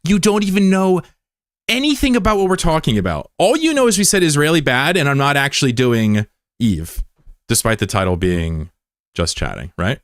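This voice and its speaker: Combative American streamer man, lively. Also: a little high, moderate pace, dry recording, studio quality. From United States. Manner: taunting, combative, profane. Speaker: livestreamer. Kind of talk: casual livestream chat.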